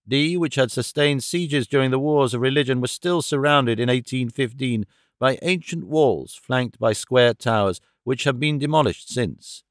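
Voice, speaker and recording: A man reading a classic novel aloud as an audiobook narrator, in a measured, formal storytelling manner. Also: mid-range voice, dry recording, studio quality. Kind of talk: scripted narration.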